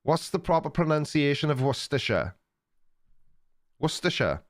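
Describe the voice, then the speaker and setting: An older Welshman hosts a live stream, reading the chat and talking with viewers in a medium-pitched voice at a slightly slow pace. His casual chatter rambles and teases.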